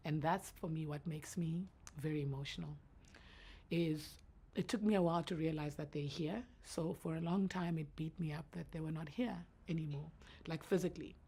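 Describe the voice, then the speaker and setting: A woman in her thirties with a naturally deep voice, talking earnestly and reflectively as a guest in an interview. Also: darkish tone, a little hiss or hum. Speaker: entrepreneur guest. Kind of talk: emotional interview answers.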